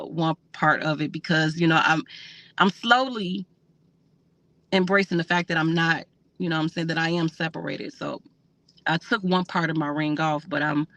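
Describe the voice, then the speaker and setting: A woman, hosting a casual livestream and answering viewer comments in a soft, conversational way. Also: sits low, no echo. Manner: reads out comments and answers them warmly, with fillers. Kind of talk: casual emotional livestream chat.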